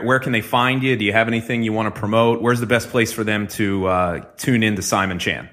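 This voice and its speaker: A man hosting a podcast, talking in a relaxed, affirming way as he asks his guest questions. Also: lowish voice, a little fast. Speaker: podcast host. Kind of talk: casual interview chat.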